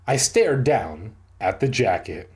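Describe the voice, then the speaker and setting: A man's voice: fairly low pitch, big pitch swings, slow pace, breathy edge. A man from San Diego reading a book aloud for comedy, breaking off into rambling, joking asides. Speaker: reader and comedian.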